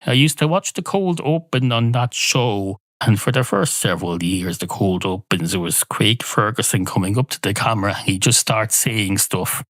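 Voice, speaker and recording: A man's voice: lowish voice, a bit bright, dry recording. An Irish man hosting a podcast, delivering a sardonic comic rant with a grumbling tone. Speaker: podcast host.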